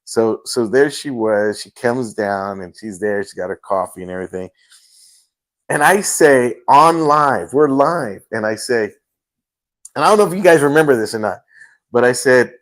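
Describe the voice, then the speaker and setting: A man's voice: mid-range voice, animated, moderate pace. A man hosting a casual livestream from home, telling stories with many fillers. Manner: rambling storyteller, many fillers. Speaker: host.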